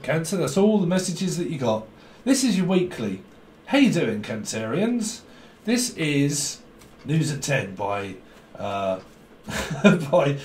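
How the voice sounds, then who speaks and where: A man's voice: fairly high pitch, reverberant, slight background noise. A man doing a tarot reading, rambling and jokey, often giggling. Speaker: tarot reader.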